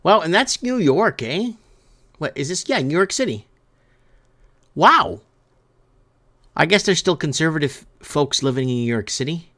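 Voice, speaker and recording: A man's voice: on the high side, animated, brisk, hardly any pauses, a bit bright. Rambling talk-show host man. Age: adult parent of three. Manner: rambling and emphatic, often stumbling over words. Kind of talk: casual news commentary while browsing headlines.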